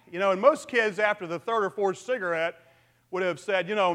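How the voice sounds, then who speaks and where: Pastor guy, high voice, casual joking sermon. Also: a little fast, a bit bright. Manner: conversational, asks the congregation questions, uses humor.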